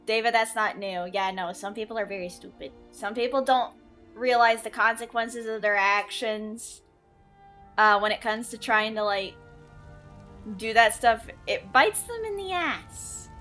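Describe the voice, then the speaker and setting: A woman's voice: medium pitch, little pitch movement, a little slow, fairly bright tone, soft background music. A woman streamer chatting casually with her viewers during a game stream, blunt and swearing freely. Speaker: VTuber streamer.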